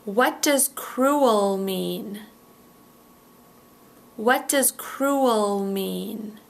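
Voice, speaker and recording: A woman leads a pronunciation drill at a very unhurried pace. She says each word slowly and clearly, then says it again. A gravelly edge sits under her mid-range voice. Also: medium pitch. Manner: models words carefully, repeating each one. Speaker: pronunciation teacher. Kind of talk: slow, deliberate pronunciation drill.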